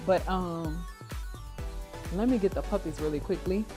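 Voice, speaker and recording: A woman's voice: on the low side, a little slow. A young woman, hosting a casual livestream in a chatty, upbeat, motivational way, often checking in with her viewers. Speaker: livestream host and dog breeder. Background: soft background music.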